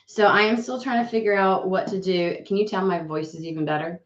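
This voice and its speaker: A woman with a mid-range, steady voice talks briskly into a webcam while hosting a casual tarot live stream from home. She chats in a rambling way and swears freely, and the home audio sounds roomy and slightly dull.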